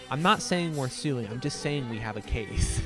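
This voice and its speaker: A man hosting a livestream, reviewing music submissions in a loose, rambling way, swearing often and filling pauses with ums and uhs. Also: medium pitch. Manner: loose, rambling and profane, many fillers. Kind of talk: casual livestream commentary.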